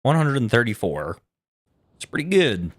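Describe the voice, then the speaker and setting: A man's voice: mid-range voice, sing-song, normal speed. A young man live-streaming a video game, chatting casually with his viewers and chuckling often as he jokes around. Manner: joking, chuckles often, talks to chat. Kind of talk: casual live-stream chat while playing. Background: game music.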